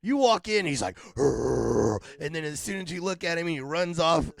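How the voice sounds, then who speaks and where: A man with a raspy, deep voice co-hosting a podcast, chatting loosely with laughs and shout-outs. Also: fairly quick. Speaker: podcast co-host. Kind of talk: casual podcast chat.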